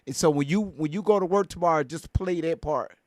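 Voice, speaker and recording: A man's voice: on the high side, a little fast, a little mellow, no echo. A man hosting a live stream, chatting loosely with a lot of laughter and cursing. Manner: laughing, profane, loose banter. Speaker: livestream host. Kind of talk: casual live-stream chat.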